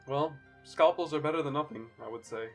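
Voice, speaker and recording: A man's voice: fairly high pitch, brisk, soft background music. A man playing a tabletop game, chatting in a joking, casual way. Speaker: player.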